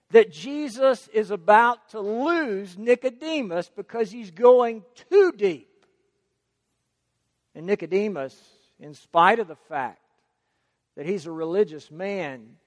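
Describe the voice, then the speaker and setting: Slow, high-voiced preacher in a hall. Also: male voice. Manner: emphatic, repeats key words for stress. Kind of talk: sermon.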